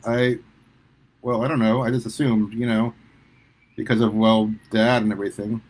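A man voicing a sheepish young male superhero who talks haltingly to his mother. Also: fairly low pitch, flat delivery, a little mellow, lightly acted. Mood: hesitant, earnest. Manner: halting, hesitant, lots of restarts.

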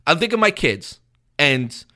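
Animated New pastor hosting radio. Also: male voice, on the high side, a little slow. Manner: animated, conversational, acts out quotes. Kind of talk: radio talk show, preaching chat.

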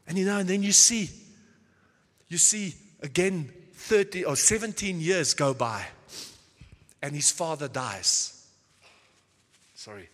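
A man's voice: on the high side, fairly bright tone. A man from the Netherlands preaching a sermon as a pastor, impassioned and emphatic, often repeating words as he builds his point. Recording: long hall reverb.

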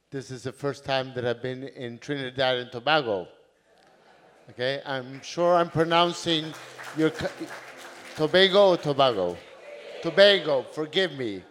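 A middle-aged man, a priest, giving an earnest conference sermon, slow overall with sudden loud emphatic words. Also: medium pitch, a little hiss or hum. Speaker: priest and community founder.

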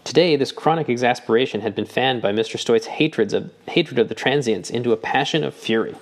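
A man narrating a novel in a measured, even audiobook reading. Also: medium pitch. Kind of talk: scripted narration.

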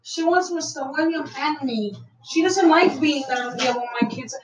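A middle-aged woman chatting to her viewers on a call, animated as she retells a funny guy's videos and quotes him loudly. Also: high-pitched, moderate pace, noisy background. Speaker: vlogger talking to viewers. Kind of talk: casual chat on a call.

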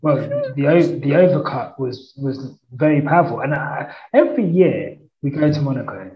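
A podcast host chatting casually, unhurried and halting, often restarting phrases and laughing. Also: mid-range voice, lively intonation, dull audio, slight background noise. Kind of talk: casual chat about motor racing.

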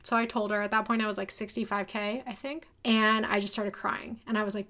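A woman's voice: medium pitch, little pitch movement, a little fast, hardly any pauses, pushed and bright. A young woman talking casually and candidly about her own experience, at times emotional. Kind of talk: personal storytelling monologue.

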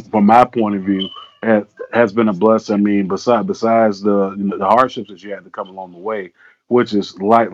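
A man hosting a casual interview, rambling and repeating himself with lots of fillers. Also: fairly low pitch. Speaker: interviewer, host. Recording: dull lo-fi audio.

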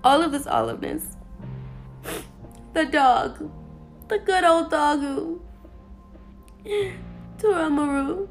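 A woman talking casually to her viewers in an anime review, chatty and animated, with playful asides. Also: high voice, extremely slow, long pauses, soft background music.

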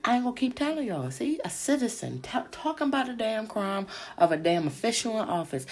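A woman's voice: mid-range voice, big pitch swings, a little fast, hardly any pauses, darkish tone. A woman hosting a podcast, chatting casually about crime-show gossip in a slangy, profane way with frequent asides to her listeners. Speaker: podcast host.

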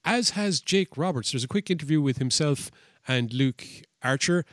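A man co-hosting a casual wrestling chat. He talks in an animated way, swears freely and acts out what others said. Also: on the high side, normal speed, dry recording, studio quality. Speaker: podcast co-host.

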